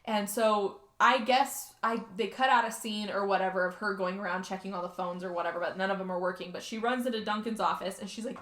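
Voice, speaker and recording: A woman's voice: mid-range voice, fast talker, hardly any pauses, a bit bright, reverberant. A woman co-hosting a podcast, retelling a movie plot in casual chat and acting out the characters' lines. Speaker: podcast co-host.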